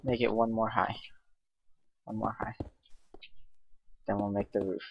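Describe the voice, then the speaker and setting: A man's voice: lowish voice, flat delivery, measured pace, vocal fry. A man casually commenting on his own gameplay, rambling and mocking himself as he goes. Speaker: let's play host. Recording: dull lo-fi mic with faint hiss.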